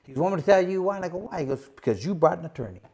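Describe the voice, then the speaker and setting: A middle-aged man tells a story in a relaxed, chatty way, with a voice pitched a little above most men's. He fills his speech with repeated fillers and slips into lively impressions of the people he quotes. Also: very fast. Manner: animated, acts out quoted voices, many fillers. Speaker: host, former boxing champion. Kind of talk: casual storytelling.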